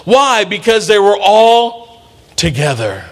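Animated man preaching with a high voice. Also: slow pace. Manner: animated preaching with playful asides, acts out voices. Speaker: pastor. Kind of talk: sermon.

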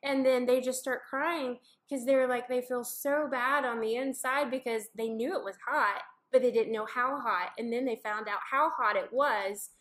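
A mother on the high side, fairly bright and fairly even in intonation, talks at a moderate pace with hardly any pauses. Co-hosting her family's faith podcast, she speaks earnestly and reflectively in a casual conversation, vividly acting out quotes and little scenes.

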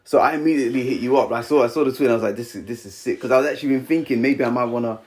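A man's voice: mid-range voice, rapid-fire. Young man, casual podcast storytelling, lots of ums, acts out quotes. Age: 20s. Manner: animated storyteller, acts out quotes, frequent fillers. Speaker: podcast co-host.

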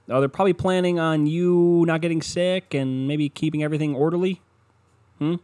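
A man's voice: fairly high pitch, fairly quick, a little mellow. A young man hosting a podcast alone, ranting casually with lots of swearing and sarcasm. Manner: profane, sarcastic, rambling. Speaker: podcast host. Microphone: podcast microphone.

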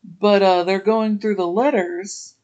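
A podcast host retelling a TV episode in a casual, meandering way, stopping for chatty asides. The delivery is slow and unhurried, with a voice in the middle of the range. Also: medium pitch, fairly even intonation, a little mellow.

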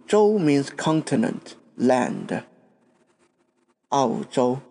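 A man's voice: mid-range voice, sing-song, very slow, gravelly, dark tone. A man from Taiwan, a podcast host giving a patient language lesson and spelling out words letter by letter.

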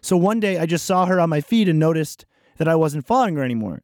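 A man's voice: on the high side, expressive, fast talker, darkish tone, no echo, clean studio sound. A man co-hosting a podcast, telling stories about himself in a wry, self-mocking way. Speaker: podcast co-host. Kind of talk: casual podcast chat.

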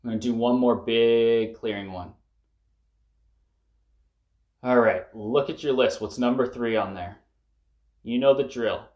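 A breathwork facilitator leads listeners through a breathwork and emotional release session, coaching them urgently and swearing at the peaks. His voice is medium-pitched at a normal pace, and the recording has its highs cut off.

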